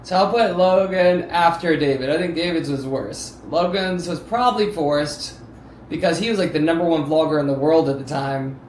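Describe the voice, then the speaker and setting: A man chats casually on a live stream, his voice sitting fairly high. He tells stories with bursts of loud exclamation. The room sounds roomy. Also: moderate pace. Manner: animated storyteller with sudden loud exclamations. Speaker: streamer reacting to videos. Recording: roomy sound with faint background noise.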